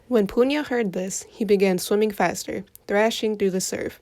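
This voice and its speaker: A woman reading a folktale aloud for children in an expressive storytelling voice. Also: medium pitch, moderate pace.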